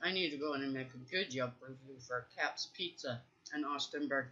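A woman chats in a relaxed, storytelling way. Her voice sits low but has a bright, forceful edge, and the recording sounds dull and lo-fi. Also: fairly quick. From Ohio, USA. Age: 40s. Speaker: parent and channel host. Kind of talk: casual home chat while gaming.

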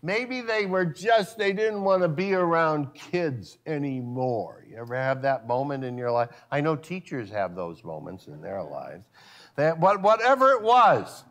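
A male pastor preaching a sermon at a church service, full of rhetorical questions and sudden drops to a hushed voice. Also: on the high side, very animated, unhurried.

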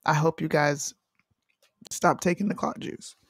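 A woman's voice: deep voice, a little slow, slightly rough, no room sound, clean studio sound. A woman co-hosting a casual online talk show, goofy and jokey, talking over a video call. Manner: goofy, animated, jokey asides. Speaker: podcast co-host. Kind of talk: casual chat.

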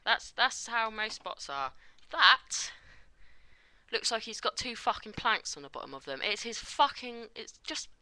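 A woman's voice: on the high side, sing-song, measured pace, bright, forceful tone. A woman giving a casual, blunt toy review on a poor built-in microphone, swearing constantly and muttering as she handles the toy.

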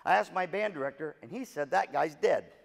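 A man's voice: on the high side, animated, brisk, creaky, very noisy. A man voicing his teenage niece, a stubborn, eager girl who insists on what her teacher said, in a long-reverb hall.

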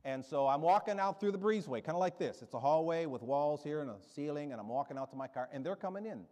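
A man's voice: fairly high pitch, lively intonation, quick pace, a little mellow. Rousing older man preaching in a reverberant hall. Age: 70s. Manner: rousing, emphatic, storytelling with asides. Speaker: guest preacher. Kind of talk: sermon. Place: church sanctuary.

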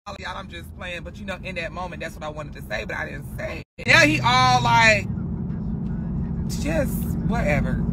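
A man livestreaming while driving, chatting in a sassy, loud and profane way, often calling his listeners girl. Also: sits high. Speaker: livestream host. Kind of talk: casual chat while driving. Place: inside a car on the road. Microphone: phone on a dashboard holder. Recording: car and traffic noise. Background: road and traffic noise.

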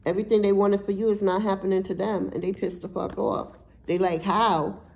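A woman's voice: medium pitch, brisk, creaky, mellow, rough recording. Woman tarot reader, blunt and profane, emphatic casual delivery, mid-range voice.

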